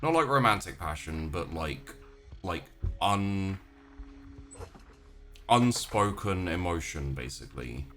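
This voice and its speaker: Deep, bright-toned game master. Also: male voice, very animated, slow pace, pauses often, soft background music. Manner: rambling, searching for words. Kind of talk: narrating a tabletop game.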